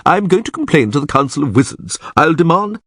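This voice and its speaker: A man's voice: fairly high pitch, very animated, a little fast, fairly bright tone, dry recording, studio quality, pitched above the performer's own voice, heavily acted. A man voicing a haughty, portly male chamberlain who talks pompously, in an audiobook reading. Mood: indignant. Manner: pompous, indignant.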